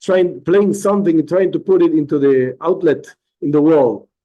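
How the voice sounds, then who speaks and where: A middle-aged man teaching a religious lesson as a rabbi, animated and repetitive, often restarting his phrases. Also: on the high side, moderate pace, narrow, tinny audio.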